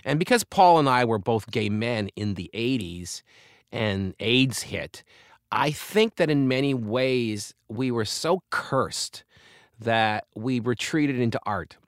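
A man in his fifties, a comedian and author, talks candidly and reflectively as an interview guest, now and then breaking into lively bursts of laughter. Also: medium pitch, unhurried, no echo, clean studio sound. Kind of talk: conversational interview.

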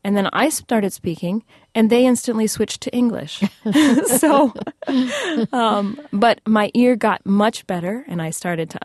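A woman's voice: on the high side, animated, a little slow, a little mellow, no echo, clean studio sound. A woman who is a French language expert, talking enthusiastically in a radio interview, with frequent restarts.

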